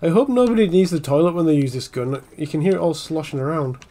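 A young man giving casual, jokey commentary while playing a game, swinging between muttering and yelling. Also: on the high side, fast talker. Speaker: gaming channel host.

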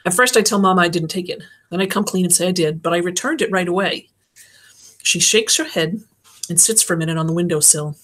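Low-voiced woman reading a novel. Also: fairly quick, fairly bright tone. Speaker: audiobook reader. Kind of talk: first-person novel narration.

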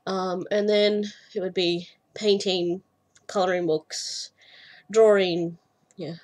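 Young aussie woman rambling about stitching, kinda husky, sounds a bit out of breath, lots of ums. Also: fairly low pitch, darkish tone. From Australia. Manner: rambling, many fillers, self-deprecating. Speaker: cross-stitch vlogger. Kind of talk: casual chat.

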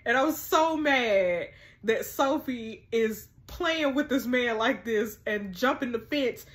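Reading a story game's text messages out loud, this young adult gaming YouTuber keeps up a chatty stream of exclamations and addresses viewers as "y'all." She speaks slowly, her voice on the high side with a fairly bright tone.

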